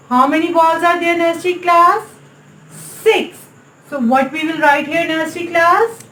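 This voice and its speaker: A woman with a Pakistani English accent teaching a nursery maths lesson in a slow, sing-song way, repeatedly calling on the class. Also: extremely high pitch, fairly bright tone, echoey room, slight background noise, low-quality recording. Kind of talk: recorded online maths lesson for small children.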